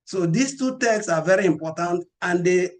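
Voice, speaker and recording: A man preaching a scripture class, measured and emphatic, quoting verses. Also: sits high, expressive.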